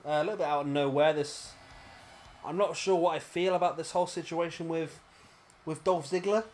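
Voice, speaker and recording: A man's voice: on the high side, fairly even intonation, a little fast, darkish tone, slight background noise. A British man giving chatty, rambling play-by-play commentary over a wrestling video game, often correcting himself mid-sentence. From Britain. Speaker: gaming commentator.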